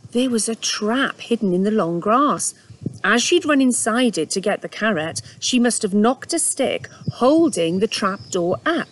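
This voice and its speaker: Storyteller woman reading a children's book at home, lively pitch, faint hiss behind. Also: low-quality recording. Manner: warm, expressive storybook narration with asides.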